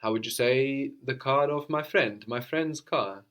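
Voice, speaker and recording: A man's voice: mid-range voice, unhurried, fairly bright tone, clean tone. A man teaching a language lesson, patiently explaining and prompting his student.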